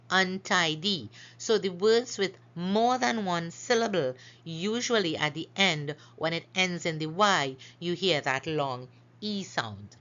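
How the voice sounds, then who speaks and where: A woman teaches phonics at an unhurried pace and carefully sounds out each example word. Her voice is bright and sits a little low. The recording is somewhat dull and lo-fi. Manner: slow, careful, stretches out example words. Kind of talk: phonics lesson narration over slides.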